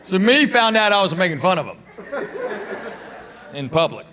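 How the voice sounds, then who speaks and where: A middle-aged man performing stand-up comedy, telling family stories in a deadpan way with pauses before punchlines. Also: high voice, a crowd in the background. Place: comedy club stage. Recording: live stage audio with audience laughter. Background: audience laughter.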